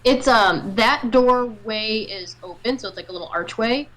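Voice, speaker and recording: A woman's voice: fairly high pitch, normal speed, a bit bright, rough recording. A woman narrating a tabletop game as game master, loose and chatty with frequent fillers.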